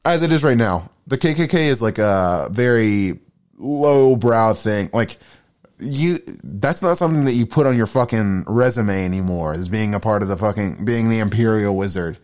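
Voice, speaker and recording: A man's voice: on the low side, animated, normal speed, a little mellow. A young man hosting a solo podcast, rambling through his opinions with frequent swearing and self-deprecating asides. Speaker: podcast host.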